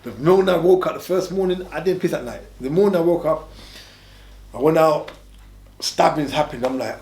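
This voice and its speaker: Fast-talking slang man. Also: a little high, a little mellow. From England. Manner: fast, streetwise, repetitive emphatic phrasing. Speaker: interview guest. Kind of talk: casual conversational storytelling. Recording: echoey room.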